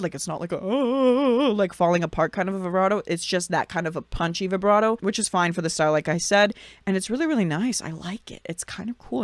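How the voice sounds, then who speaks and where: A woman reacting live to a song, talking with enthusiasm while she analyzes the singer's technique in a relaxed, chatty way. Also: lowish voice, no echo. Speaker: vocal coach reacting to music. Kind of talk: casual live reaction commentary. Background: song playing clearly.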